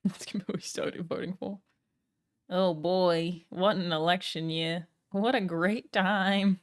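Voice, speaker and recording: A young woman chats loosely with her stream viewers and answers their questions as they come in. Her voice sits slightly low for a woman. She leans on "like" and "um" as she thinks aloud. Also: fairly even intonation, slow pace. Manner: chatty, full of "like" and "um" fillers. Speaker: streamer and game writer. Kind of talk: casual live-stream chat answering chat questions.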